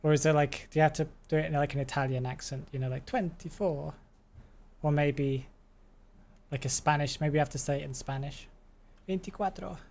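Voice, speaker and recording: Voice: mid-range voice, flat delivery, fast, darkish tone. A game streamer chatting on a live stream, thinking aloud, answering chat and laughing often. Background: background stream music.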